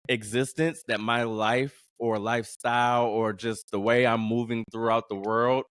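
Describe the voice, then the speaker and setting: A male comedian co-hosting a podcast, talking in a measured, reflective and playful way. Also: mid-range voice, little pitch movement, fairly bright tone, clean tone, dry recording, studio quality. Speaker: podcast co-host; stand-up comedian. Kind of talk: casual comedic chat.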